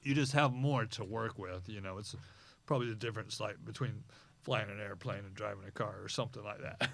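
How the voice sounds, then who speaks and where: A man hosting a podcast, talking in a rambling, halting way, hoarse and losing his voice, in a small podcast studio. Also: on the low side, fairly bright tone. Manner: rambling, halting, with many restarts. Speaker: podcast host. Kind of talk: casual chat.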